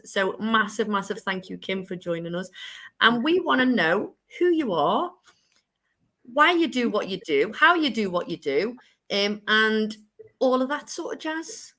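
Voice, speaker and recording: A woman's voice: mid-range voice, bright, forceful tone. A woman co-hosting a casual chat show, talking in a chatty, rambling way and laughing often. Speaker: co-host.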